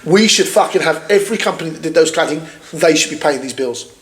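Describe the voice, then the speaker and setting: High, lively man ranting. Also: quick pace. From United Kingdom. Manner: angry, sweary ranting, reading news aloud. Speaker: podcast co-host. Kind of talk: casual ranting political chat.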